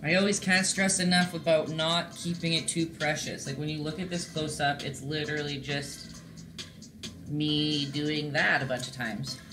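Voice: mid-range voice, steady tone, normal speed, reverberant, music in the background. A host teaching a live-streamed painting lesson in a chatty, encouraging way, talking to viewers in the chat.

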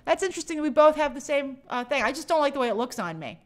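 A woman's voice: high voice, sing-song, racing. A woman hosting a live stream, reading viewer comments aloud and answering them in a chatty, opinionated way. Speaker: movie channel host answering viewer questions. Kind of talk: casual live-stream chat.

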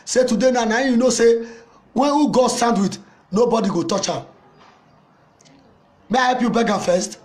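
A man with a Nigerian accent playing a loud, mocking older Nigerian mama in a comedy skit, scolding and teasing someone. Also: very high-pitched, moderate pace, long pauses. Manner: taunting, scolding, laughing at the listener.

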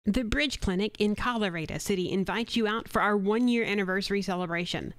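A woman's voice: mid-range voice, brisk, no echo. A woman voicing a local radio commercial with an upbeat, punchy announcer delivery. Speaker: commercial voice-over artist.

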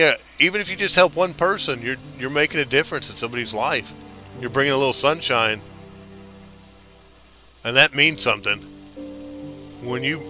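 A man's voice: mid-range voice, bright, forceful tone. A man streaming a game live, chatting casually and hyping up his viewers. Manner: chatty, hyped, talks back to viewers.

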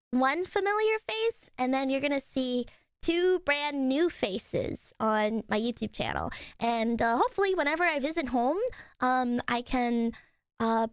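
A young woman streamer chatting casually with her viewers, bubbly and quick to squeal and laugh. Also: high-pitched, no room sound, clean studio sound.

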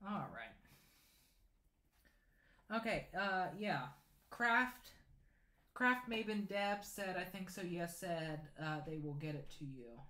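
A young man in his late teens hosts a casual sewing livestream from his home sewing room, chatting and reading viewer comments aloud as he answers them. His voice sits high, with lively intonation and a sharp tone, and he goes slowly with long pauses. The room sounds echoey.

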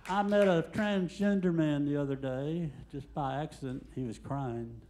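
An older man doing a stand-up comedy set in a comedy club, telling deadpan jokes and acting out the quotes. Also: a little high, moderate pace, slight background noise.

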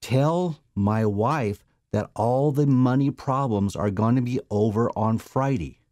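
A man's voice: medium pitch, measured pace, a little mellow, dry recording, clean studio sound, voice pushed up, close to an everyday voice. A man voicing the ghost of a dead male friend who insistently pleads to pass on a message.

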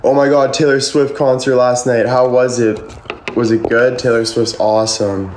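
A young man rambles through a casual livestream chat, answering comments, his talk packed with "like" and swearing. His voice sits at an ordinary male pitch. He is recorded in an echoey room with a faint hum of ambience. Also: level tone, normal speed, a little mellow. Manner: rambling, swears a lot, constant "like" fillers.

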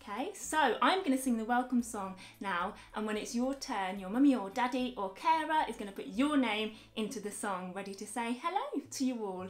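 A woman leading a children's music lesson, talking cheerfully, slowly and clearly for small children. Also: a little high, expressive. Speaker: early years music teacher. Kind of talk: interactive children's sing-along lesson.

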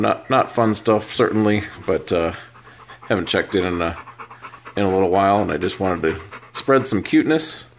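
A middle-aged man vlogging casually from his couch, talking warmly and doting on his dogs. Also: on the low side, creaky, slight background noise. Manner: warm, doting baby talk to his dogs. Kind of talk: casual home vlog. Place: home living room couch.

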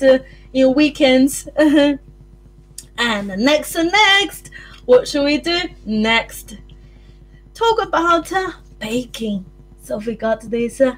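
A woman with a New Zealand accent runs a circle-time lesson for little children, her voice pitched high. She speaks slowly and in a sing-song, animated way. Faint music sits behind her. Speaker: early childhood teacher.

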